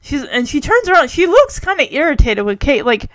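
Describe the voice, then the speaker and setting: A woman's voice: sits high, big pitch swings, a little fast, no room sound. A woman chatting casually as she recaps a TV episode, rambling and full of fillers.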